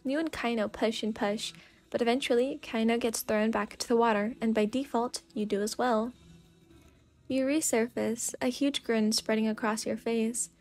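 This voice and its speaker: A woman softly reading a second-person story in a sleepy whispered role-play. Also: on the high side, fairly even intonation, normal speed, soft background music. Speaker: fanfic reader.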